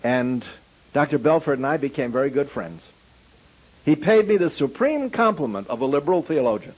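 A man preaching, telling a story animatedly and acting out the dialogue in a husky voice. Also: mid-range voice, animated, moderate pace. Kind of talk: sermon storytelling. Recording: dull lo-fi recording.

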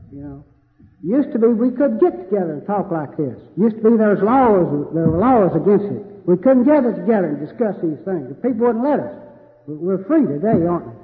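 A man giving a folksy, joking debate speech that circles back on itself and repeats phrases. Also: high voice. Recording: tinny lo-fi audio in a reverberant hall.

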